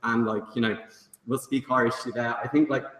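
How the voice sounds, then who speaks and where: A man's voice: mid-range voice, steady tone, a little fast. A young man giving a comic student debate speech, chatty and teasing, full of fillers. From England. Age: young adult. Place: large debating hall. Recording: echoey hall, far mic, loud noise.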